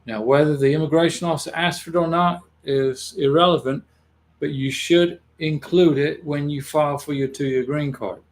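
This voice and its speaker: Here the immigration advice host talks with fairly even intonation at a moderate pace, his voice a little high. He chats casually with viewers to reassure them, often circling back to repeat or restart a phrase.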